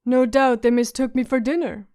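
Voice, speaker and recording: A woman's voice: high-pitched, steady tone, moderate pace, dark tone. A woman voicing a sardonic, witty dwarf lord who speaks in a dry, mocking way. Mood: wry.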